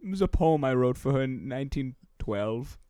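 A man playing an eccentric, creepy 94-year-old widower on a comedy podcast, rambling slowly in a deadpan way. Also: medium pitch, clear, resonant tone, dry recording, close to an everyday voice. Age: 90s. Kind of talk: improvised comedy podcast character.

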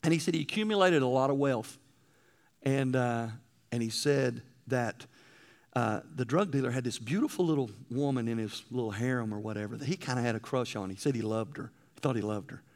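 A male preacher with a medium-pitched, brisk voice delivers a sermon. He tells stories and swings between loud emphasis and hushed passages.

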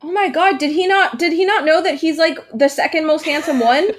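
A woman co-hosting a podcast in casual chat, excitable and teasing. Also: high voice, fairly quick. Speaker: podcast co-host.

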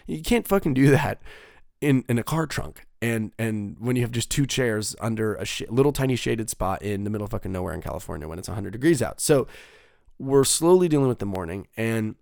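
Gravelly-voiced young man rambling. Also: mid-range voice, sing-song, brisk, a little mellow, no room sound, clean studio sound. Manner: rambling, profane, lots of fillers and restarts. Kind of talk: casual storytelling monologue.

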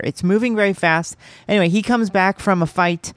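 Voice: mid-range voice, fairly even intonation, moderate pace, no room sound. A podcast co-host in casual chat, recapping a film in a rambling way and laughing now and then.

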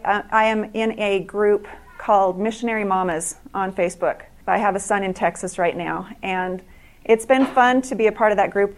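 A middle-aged woman giving a speech to an audience, telling stories earnestly and often restarting and repeating words. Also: medium pitch. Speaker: speaker at an evening event.

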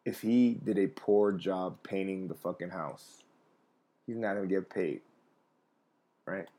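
Man, very deep voice, casual rambling, profane, self-mocking, comedian talking to viewers. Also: a little slow, dark tone. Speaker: comedian hosting a live stream. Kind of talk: casual storytelling chat.

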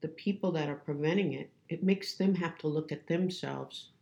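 A woman's voice: low voice, normal speed, gravelly, darkish tone, dull audio. A woman guest who speaks at women's conferences, talking about faith with earnest, preacherly emphasis. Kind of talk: faith-based conversation.

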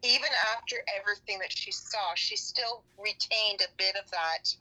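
A woman's voice: medium pitch, normal speed, pushed and bright. A woman podcaster and writer chatting casually as a guest, laughing often, heard over a phone line.

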